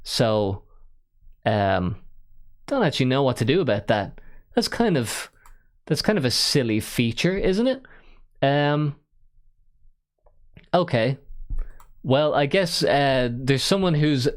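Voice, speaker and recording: A man's voice: mid-range voice, sing-song, slow, long pauses. A man hosting a live-stream call-in show, chatting casually, self-mocking and rambling with fillers.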